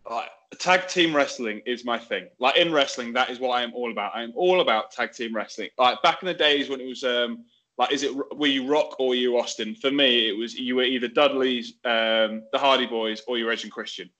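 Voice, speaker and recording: A man's voice: mid-range voice, fairly quick, sharp tone. A man, a wrestler guest, talking in an enthusiastic, rambling casual way. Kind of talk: casual chat.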